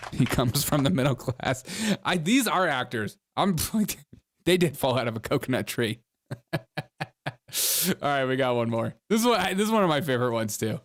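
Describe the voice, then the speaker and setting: A man's voice: medium pitch, lively intonation, unhurried, long pauses, a bit bright. A man hosting a casual reaction commentary, mocking the clips he watches and laughing often as he talks. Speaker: host.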